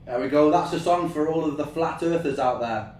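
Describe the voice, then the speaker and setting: A man's voice: fairly high pitch, a little fast. A man hosting a live stream, chatting casually in a rambling, laughing way with plenty of swearing, and sweating from the heat. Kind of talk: casual chat. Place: indoor room, streaming setup. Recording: echoey room with faint ambient noise.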